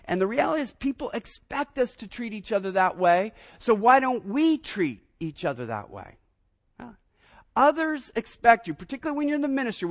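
A man in his fifties, a pastor preaching a sermon, telling personal stories in an animated way and often repeating his first words. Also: high-pitched. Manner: animated storyteller, repeats words when starting sentences.

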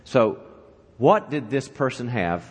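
A man's voice: mid-range voice, takes it slowly, breathy edge, big-room sound. A man giving a talk to church leaders, telling a joke and asking the audience questions. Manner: animated storyteller, asks the audience questions. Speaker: guest speaker at a church leadership event. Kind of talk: conference talk opening with a joke.

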